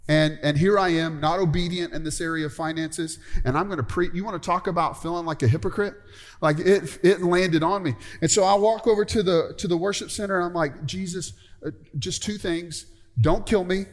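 Middle-aged male pastor, chatty sermon delivery that asks for amens, a touch high-pitched, recorded in an echoing sanctuary. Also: brisk. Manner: conversational, calls out for amens. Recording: long hall reverb.

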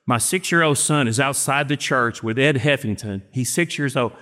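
A man, preaching a sermon and telling stories with acted-out dialogue and slow, emphatic phrasing. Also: medium pitch, sharp tone. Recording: long reverb of a church hall.

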